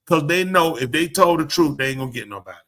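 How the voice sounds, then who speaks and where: Bright-voiced, blunt male podcast host. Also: fairly high pitch, animated, quick pace. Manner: blunt, opinionated ranting that addresses the room. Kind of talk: casual chat. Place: live show.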